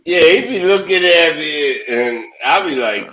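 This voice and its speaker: A man's voice: a little high, expressive, measured pace, a crowd in the background. A man hosting a comedy talk show, chatting loosely, laughing, and acting out lines in a raised voice. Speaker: host. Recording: dull, roomy sound.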